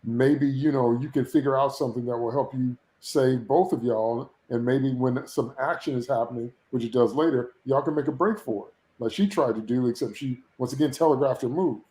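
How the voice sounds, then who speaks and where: Animated ranting man in an echoey room. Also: mid-range voice, fairly quick, hardly any pauses. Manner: animated, exasperated ranting with frequent laughs. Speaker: podcast co-host reviewing a TV episode. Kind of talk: casual opinionated chat. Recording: roomy echo.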